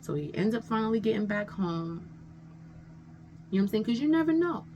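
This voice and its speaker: Gravelly woman rambling through a storytime. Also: fairly high pitch, big pitch swings, brisk, dark tone, highs cut off. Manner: rambling, conversational, frequent "you know what I'm saying". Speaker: vlogger telling a story. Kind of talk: casual storytime chat. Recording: faint background noise.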